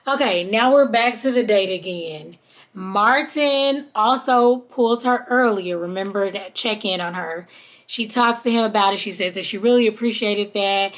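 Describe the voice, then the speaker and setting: A woman's voice: mid-range voice, measured pace. A woman hosting a podcast, telling a reality-show episode in casual chat and quoting the cast as she goes. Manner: chatty, animated retelling with quoted voices. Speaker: podcast host.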